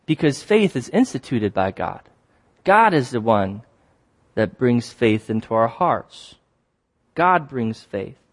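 A man preaching a sermon, telling stories with lively acted-out exclamations and repeating key phrases for emphasis. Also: mid-range voice, slow pace. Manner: animated storytelling, acts out shouts and exclamations.

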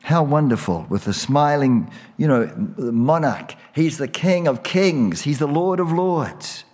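A man preaching a sermon as a pastor, slow and emphatic, repeating phrases for weight. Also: a little high, expressive, a little mellow, big-room sound.

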